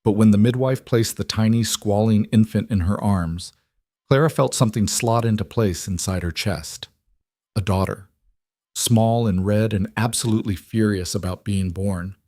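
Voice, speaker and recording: A man narrating a scripted story in a steady, measured way. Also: on the low side, dry recording, studio quality.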